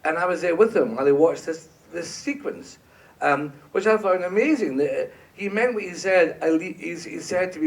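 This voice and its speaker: A man, a composer guest on a panel, telling an animated story on stage, laughing and acting out quotes. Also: on the high side, moderate pace, vocal fry, distant mic. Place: stage at an awards event.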